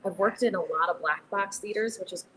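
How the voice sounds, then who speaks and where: A woman's voice: mid-range voice, a little fast, fairly bright tone, poor audio. A young adult woman, a theater director, talking casually in a podcast interview with many fillers and restarts. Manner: chatty, many fillers and restarts, laughs easily. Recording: noticeable background noise.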